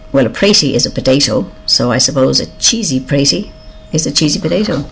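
An older speaker with an Irish accent reads out a list of words one by one, slowly musing on each meaning and often admitting they are unsure. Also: medium pitch, lively intonation, gravelly, fairly bright tone, slight background noise. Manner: slow, musing, reads each word aloud, then explains it or admits not knowing. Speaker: reader of a word list. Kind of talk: reading and explaining a word list.

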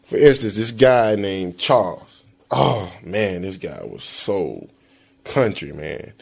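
A man from Florida, a dialect recording subject, reading a passage and then telling animated stories with impressions. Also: low-pitched, takes it slowly, creaky, husky. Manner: animated, laughs, does impressions. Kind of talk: read passage then casual storytelling.

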